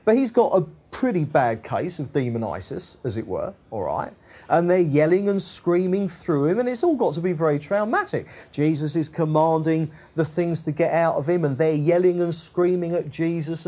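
A woman with a husky, warm, low voice teaches from scripture, reading verses aloud and then explaining them. Her delivery is chatty and colloquial, with lots of tag questions, and her pitch swings widely. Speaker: Bible teacher.

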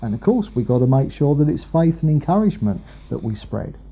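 A man's voice: a little high, sing-song, fairly quick, dark tone, slightly rough, muffled recording. A man preaching a conversational sermon, rambling with many fillers and restarts. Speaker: preacher, Bible teacher.

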